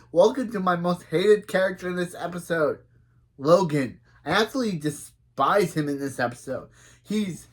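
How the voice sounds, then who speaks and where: A man recapping and reacting to a TV episode, speaking with a fairly high voice. He gets animated and indignant as he retells the scenes. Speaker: reaction video host.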